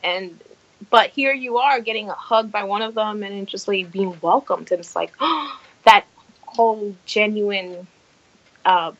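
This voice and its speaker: A middle-aged woman hosting a casual podcast chat, telling stories with lively acted-out quotes. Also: mid-range voice, unhurried, dry recording, lo-fi sound. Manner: animated storyteller, acts out quotes. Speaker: podcast host.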